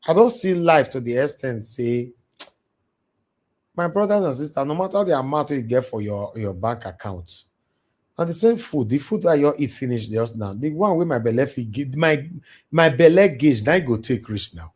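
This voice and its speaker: A man's voice: medium pitch, expressive, normal speed, darkish tone. A man with a Nigerian Pidgin English accent hosting a livestream from home, preaching passionately to his audience. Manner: preachy, impassioned, switches into Pidgin. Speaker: live stream host. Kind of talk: livestream monologue. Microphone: home livestream mic.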